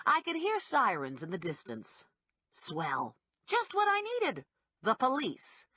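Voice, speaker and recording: Lively woman narrating an audiobook. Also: high voice, slow, no room sound. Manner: lively, wide-ranging delivery with acted character voices. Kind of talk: scripted first-person audiobook narration.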